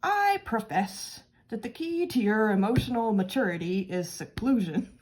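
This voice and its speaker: A woman putting on the slow, grave voice of a male fish-man professor with a strange accent. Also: a little high, lively intonation, lightly acted, low-quality recording. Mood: solemn.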